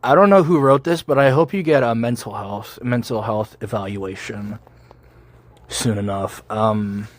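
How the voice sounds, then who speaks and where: A man reading fan fiction aloud for laughs, with sarcastic, deadpan asides, recorded close to a microphone at home. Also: fairly low pitch, measured pace, a little hiss or hum. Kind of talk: comedic reading with reaction commentary.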